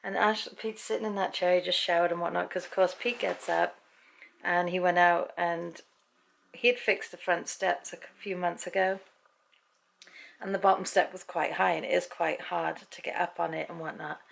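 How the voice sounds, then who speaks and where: A woman's voice: fairly low pitch, flat delivery, normal speed, vocal fry. A British woman telling a story at home in a casual vlog, chatty and laughing often as she acts out what people said. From Britain. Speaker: vlogger.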